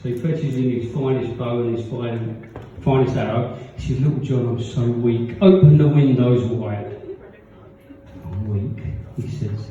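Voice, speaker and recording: A man's voice: medium pitch, steady tone, a little slow, warm tone, a little hiss or hum. A man telling rambling stand-up jokes at a pub gig, laughing at his own punchlines. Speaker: stand-up comedian. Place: pub function room with live audience. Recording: echoey, distant, dull audience recording.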